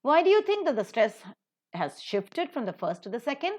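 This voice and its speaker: A woman gives a recorded lesson on English word stress. Her voice rises and falls a great deal as she drills example words slowly and with care. She speaks like a teacher walking students through the rules. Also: high voice, sing-song, a little mellow. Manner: slow, deliberate modelling of example words.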